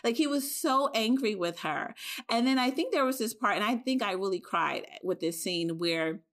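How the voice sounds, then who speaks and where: A woman hosting a podcast, retelling a drama in an animated, emotional way. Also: medium pitch, normal speed. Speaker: podcast host. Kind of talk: casual chat.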